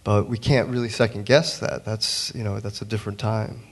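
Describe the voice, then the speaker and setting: A man on a museum panel, a digital printmaker telling a story in an earnest, halting way with many restarts. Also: fairly low pitch, steady tone. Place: museum auditorium.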